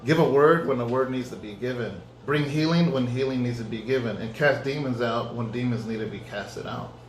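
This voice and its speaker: A man, a pastor, giving a conversational sermon testimony and acting out his own dialogue in lively storytelling. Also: medium pitch, a little fast, a little hiss or hum. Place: church. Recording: echoey room.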